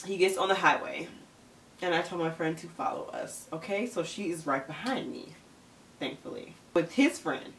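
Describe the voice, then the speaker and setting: A young woman from the Chicago area tells a storytime tale in a casual, animated way, with dramatic asides and frequent laughs. She sits a little back from the mic in a roomy, echoey room. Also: lowish voice, normal speed, vocal fry, far from the mic, slight background noise. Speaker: vlogger.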